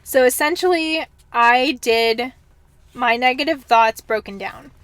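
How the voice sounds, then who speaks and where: A young woman hosts a casual solo podcast, reflecting openly and chattily with frequent "ums" and "kinda." Her high, fairly bright voice is a bit slow and slightly worn, as if she's losing it, in a dry recording.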